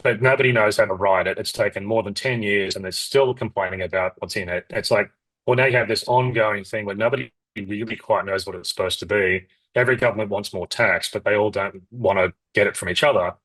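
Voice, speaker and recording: A middle-aged Australian man, a company founder, talking in a rambling, animated way with lots of restarts and asides in an interview. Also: fairly low pitch, fairly quick, breathy edge, no echo, low-quality recording. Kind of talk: casual interview talk.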